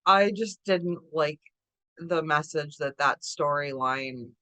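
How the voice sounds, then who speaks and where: A woman co-hosting a podcast, telling stories in a lively, casual way and acting out quotes. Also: low voice, slow pace, no echo. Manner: animated storyteller, acts out quotes, laughs often. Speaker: podcast co-host. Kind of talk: casual chat.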